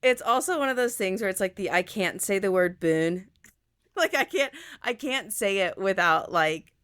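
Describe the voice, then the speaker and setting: A woman's voice: mid-range voice, expressive, normal speed, fairly bright tone, dry recording, studio quality. A young woman co-hosting a casual podcast chat, rambling with lots of fillers and restarts. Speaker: podcast co-host.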